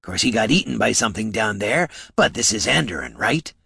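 A man voicing a touchy male kobold purse performer with a raspy voice and quick wisecracking street talk, in a storybook reading. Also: fairly low pitch, sing-song, bright, forceful tone, no room sound, clean studio sound, full character voice. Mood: indignant.

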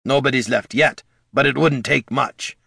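A man's voice: mid-range voice, moderate pace, gravelly, sharp tone, breathy edge, no echo, clean studio sound, pitched above the performer's own voice, heavily acted. A man voicing a blunt, folksy veteran adventurer who worries about his party. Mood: earnest.

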